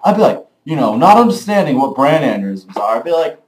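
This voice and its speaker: A young man rants loudly into his camera with a lively, bouncing voice that sits a little high for a man. He talks in a rambling, profane way, full of fillers. The small room around him sounds echoey. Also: fast talker. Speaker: vlogger. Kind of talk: casual comedic rant.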